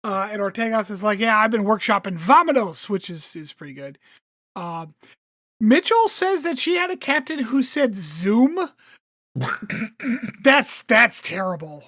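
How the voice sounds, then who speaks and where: A woman co-hosting a podcast recaps the episode in casual, chatty talk packed with "um" and "like," acting out the characters' lines. Her medium-pitched voice is sing-song, a bit bright, and at normal speed, captured as clean studio sound with no echo.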